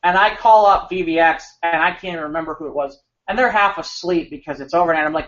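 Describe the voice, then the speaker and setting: A man co-hosting a podcast, telling an animated, rambling anecdote with frequent restarts. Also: on the high side, fast talker, few pauses. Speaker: podcast co-host. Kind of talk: casual storytelling chat. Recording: slightly muffled podcast audio.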